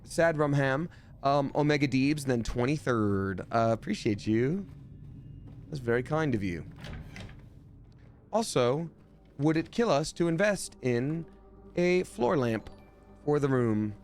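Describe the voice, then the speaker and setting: A man's voice: mid-range voice, animated, a little slow, slight background noise. A man giving live gameplay commentary as a streamer, chatty and jokey, thanking viewers from chat as he plays.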